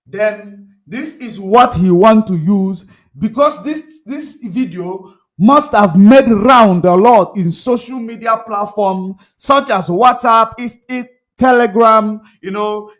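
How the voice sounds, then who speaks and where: A man's voice: sits high, fairly bright tone. A man giving an impassioned commentary monologue, emphatic and repetitive, full of rhetorical questions. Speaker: commentary vlogger.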